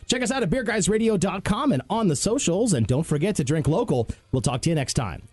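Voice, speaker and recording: Male co-host, slightly higher voice, very animated, dry studio sound. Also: fairly quick, husky, no room sound. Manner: lively, upbeat announcer delivery. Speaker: podcast co-host. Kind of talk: casual radio show chat.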